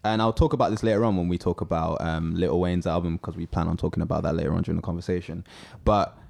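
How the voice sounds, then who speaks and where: Young male co-host, animated storyteller, lowish voice. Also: fast talker, creaky. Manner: animated storyteller, many fillers. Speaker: podcast co-host. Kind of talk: casual chat.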